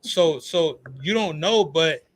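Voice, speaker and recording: A man, a phone repair shop owner guesting on a talk show, telling animated stories full of swearing and acted-out quotes. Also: fairly high pitch, takes it slowly, dry recording. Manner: animated storyteller, swears freely, acts out quotes. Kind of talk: casual talk show chat.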